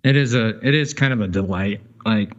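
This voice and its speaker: A man's voice: fairly low pitch, fairly quick, dull audio. Sardonic man in casual podcast chat. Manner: loose and sardonic, trails off in filler, swears, mimics accents. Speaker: podcast co-host.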